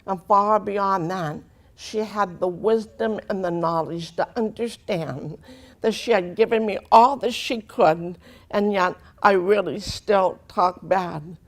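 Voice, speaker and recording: A woman's voice: mid-range voice, takes it slowly. Woman with a distinctive deaf speech pattern. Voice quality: distinctive deaf speech with unusual vowels and articulation. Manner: earnest storytelling with dry humor. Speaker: speaker giving a personal testimony. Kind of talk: testimony talk to an audience.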